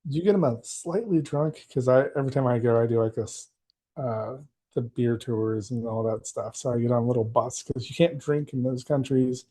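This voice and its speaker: Man from Texas telling animated stories. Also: medium pitch, normal speed, breathy edge. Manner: animated storyteller who acts out quoted voices. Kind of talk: casual chat.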